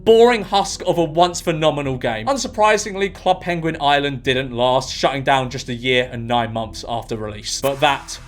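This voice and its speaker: A man's voice: mid-range voice, moderate pace, hardly any pauses. A young British man in his twenties narrating a commentary video, sarcastic and exasperated, with bursts of swearing. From United Kingdom. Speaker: YouTube commentator.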